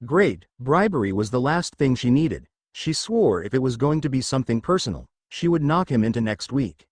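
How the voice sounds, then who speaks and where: A man reading fan fiction aloud as the narrator, in a steady storytelling manner. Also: mid-range voice, moderate pace, hardly any pauses, dry recording.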